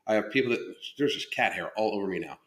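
A low-leaning, slightly bright male voice with lively intonation and a quick pace carries this casual live stream. The speaker, a fitness coach and podcast host, talks loosely and profanely about his coaching, often breaking off to start over. The home room adds a roomy echo.

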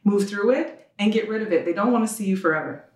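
A woman on a podcast as a guest, telling candid stories in an animated way, acting out the dialogue she quotes and laughing often. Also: mid-range voice, quick pace. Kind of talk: candid conversational storytelling. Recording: roomy room, distant mic.

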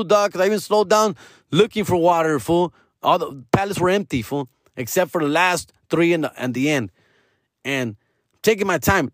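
A man's voice: mid-range voice, no room sound, studio quality. A man, a comedian, ranting casually, slangy and profane, slipping Spanish into his talk. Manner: slangy, profane, mixes Spanish, calls listener fool. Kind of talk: casual rant.

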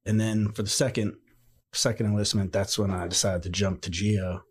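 A man's voice: on the low side, normal speed, husky. A young man casually telling a story, acting out the quotes as he goes. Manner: animated anecdotes with acted-out quotes. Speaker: podcast guest, former Marine.

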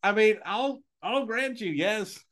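A man in his forties, a play-by-play announcer co-hosting a sports podcast in casual, dry, self-mocking chat, quick to laugh. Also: high-pitched, animated, fairly bright tone.

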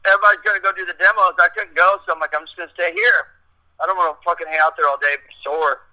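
A middle-aged man with a high, piercingly bright voice tells a long story in casual chat. He rambles, swears freely and acts out the lines of the people in it. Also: fairly even intonation, quick pace, low-quality recording. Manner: profane, rambling, acts out quotes. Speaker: guest telling a story.

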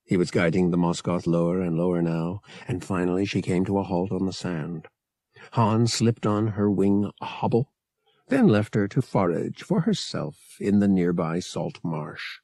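A man reading an audiobook in measured, expressive scripted narration. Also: deep voice, no echo, clean studio sound.

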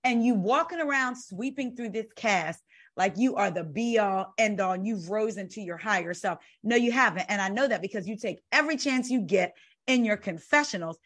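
A woman's voice: mid-range voice, animated, moderate pace, fairly bright tone. A woman, chatting casually about reality TV as a podcast co-host, sassy and blunt with her opinions. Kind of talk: casual reality-TV recap chat. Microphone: video call.

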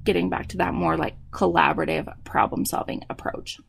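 A woman in her thirties giving parenting advice, explaining tips clearly and slipping into quoted dialogue. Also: lowish voice, normal speed, few pauses, slight background noise. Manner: warm explanatory, acts out quoted dialogue with kids. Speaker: parenting educator. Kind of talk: advice talk.

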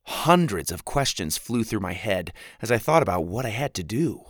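A man narrating a storybook in the first person with an expressive delivery. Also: on the low side, moderate pace, no room sound, clean studio sound. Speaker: audiobook narrator.

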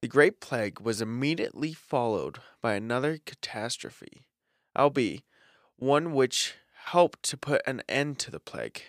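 Lively young man reading history aloud. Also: medium pitch, measured pace, no room sound, studio quality. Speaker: podcast co-host reading history. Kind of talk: casual podcast chat with read-out history.

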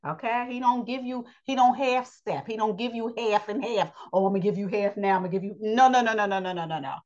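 A woman teaching a daily Bible lesson with lively, repetitive preaching, calling her listeners "child" and "honey". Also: medium pitch, quick pace, dull audio. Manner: Southern-style vernacular, repeats phrases.

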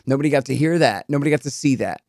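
A man hosting a political interview, ranting sarcastically and swinging from quiet asides to loud outbursts. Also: mid-range voice, rapid-fire, dry recording, clean studio sound. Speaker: host.

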